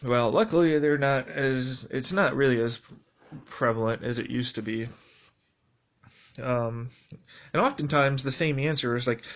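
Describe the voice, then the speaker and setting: A man talking through a reflective personal video journal in a rambling, halting way with many fillers. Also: mid-range voice, a bit bright, dull audio.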